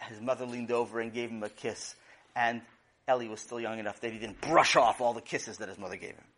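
A man narrating a children's story for a podcast, animated and voicing the characters. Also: medium pitch, a little fast.

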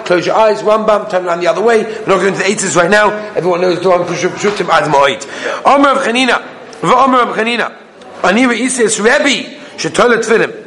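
High-voiced man chanting a Talmud lesson. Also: fairly bright tone. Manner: singsong study chant, mixing Hebrew and English. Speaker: Talmud teacher. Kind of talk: Talmud class lecture.

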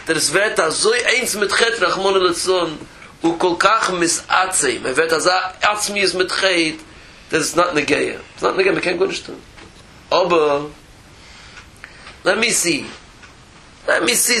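A man giving a Torah lecture as a rabbi, animated, with rhetorical questions and repeated phrases. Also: sits high, rough recording.

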